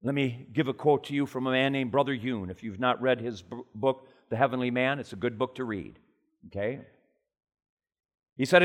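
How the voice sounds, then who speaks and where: A man preaching a sermon with passion, climbing loud and high in his stories and then dropping low and quiet into prayer. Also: moderate pace.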